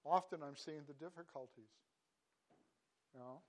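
A man preaching a devotional sermon in an earnest, halting way, stopping and restarting often, then rising into emphatic bursts. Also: a little high. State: choked up. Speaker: pastor.

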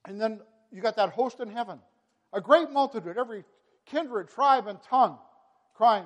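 A man with a high voice delivers a sermon to his congregation. He talks in bursts, repeats words and stacks phrases into rising, emphatic climaxes. His voice rings out with a long reverb, as in a large church sanctuary. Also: moderate pace. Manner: impassioned, builds to emphatic peaks with frequent word repeats. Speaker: preacher.

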